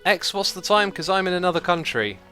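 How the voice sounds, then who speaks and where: A man's voice: high-pitched, expressive, brisk, sharp tone, soft background music. A man hosting a gaming livestream, chatting casually, laughing often and reading out donations and chat messages. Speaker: streamer host.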